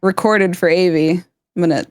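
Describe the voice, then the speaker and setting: A woman's voice: fairly low pitch, normal speed, a little mellow. A woman livestreamer in casual chat, teasing and laughing, swearing freely.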